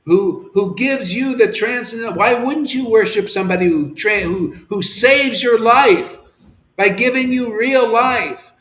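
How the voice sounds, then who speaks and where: A man giving an impassioned devotional sermon as a spiritual teacher. He swings between fervent near-shouts and hushed murmurs, and he talks emphatically and repeats himself, dropping in a slangy "man". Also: high voice, measured pace, reverberant, poor audio.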